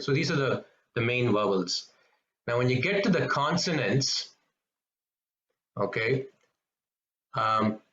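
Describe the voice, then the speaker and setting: A man teaching pronunciation in a patient lesson, slowly repeating each example sound. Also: mid-range voice, a bit bright. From Tamil-speaking background, South India. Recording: echoey, slightly dull room recording.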